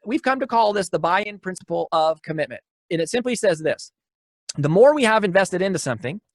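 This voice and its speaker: A man gives a motivational keynote talk in a high, bright-pitched voice, repeating his key lines for emphasis. He tells his stories with energy and restarts phrases often. The sound is dry and close, with no room echo.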